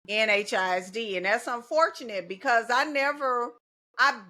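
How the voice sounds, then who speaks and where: Speaking at normal speed in a fairly high, bright and pushed voice, a middle-aged teacher and union organizer guests on a podcast. Her talk is casual and determined, full of slogans, and she laughs easily.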